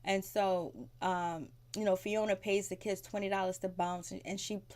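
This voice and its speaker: A woman's voice: mid-range voice, flat delivery, moderate pace, a little mellow. A woman giving a casual recap of a TV episode, rambling and conversational, frank, with mild swearing. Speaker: TV recap vlogger.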